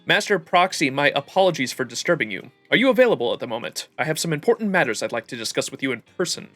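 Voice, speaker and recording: Give me a man voicing a composed, courteous wolf-man butler in a game, with a bright tone. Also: on the high side, big pitch swings, fast, no room sound, faint music behind. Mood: polite. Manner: formal, courteous reading.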